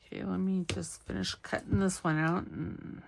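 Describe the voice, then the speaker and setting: A woman's voice: fairly low pitch, fairly even intonation, moderate pace, creaky. A middle-aged woman hosting a crafting video, chatting casually and poking fun at herself as she cuts, sews and inks. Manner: chatty, self-deprecating, talks to herself while working. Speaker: craft channel host. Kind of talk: casual crafting vlog talk.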